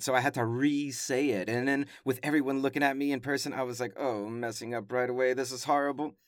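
A man's voice: mid-range voice, no room sound. A man hosting his own podcast from a small home closet studio, recapping casually in a chatty, self-deprecating way. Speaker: podcast host.

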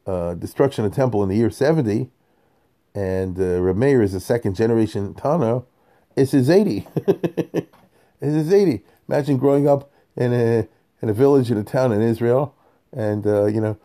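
A man leads a Torah class in an easy, digressive way, often breaking off to check that his listeners are following. His voice sits at a middle pitch with a dark, mellow tone, and he chuckles now and then between points. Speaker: Torah teacher. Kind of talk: conversational scripture class.

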